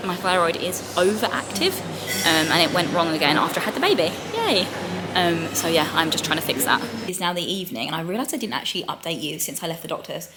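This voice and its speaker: A woman, vlogging candidly and chattily about her day as a new mum. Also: on the low side. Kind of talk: casual vlog chat. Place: car, then hospital hallways. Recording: noisy background.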